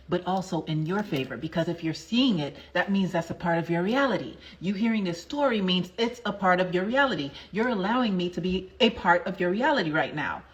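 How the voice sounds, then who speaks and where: A woman's voice: on the low side, low-quality recording. A woman in her forties, a manifestation coach, telling a story in a chatty, emphatic livestream talk and repeating phrases for effect. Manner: chatty storytelling with asides to viewers.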